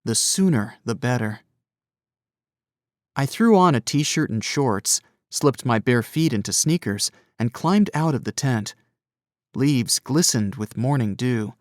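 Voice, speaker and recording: Man, audiobook narrator, first-person, expressive, lively pitch, dry close mic. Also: slow, no echo. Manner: expressive storytelling.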